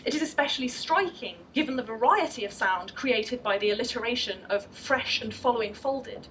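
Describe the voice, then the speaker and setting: Woman lecturer, fairly high pitch, measured and expressive with verse, recorded from a distance in a festival venue. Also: a little hiss or hum. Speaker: literary scholar giving a lecture. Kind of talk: formal lecture with poetry readings.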